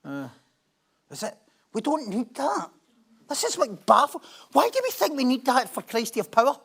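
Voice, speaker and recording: A middle-aged man preaches in a loose, conversational way, with a voice that sits noticeably high. He jokes at his own expense, tosses questions out to the congregation and slips between storytelling and reading Bible verses aloud. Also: moderate pace, creaky, breathy edge. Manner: chatty, humorous, asks the congregation questions; animated storytelling, laughs at himself. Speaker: pastor.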